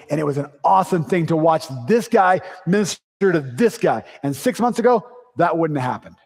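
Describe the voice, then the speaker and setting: A man's voice: a little high, animated, creaky, darkish tone, husky. Preaching man in a reverberant church hall. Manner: conversational, punchy preaching with quick asides and sarcasm. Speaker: pastor. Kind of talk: sermon. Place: church sanctuary.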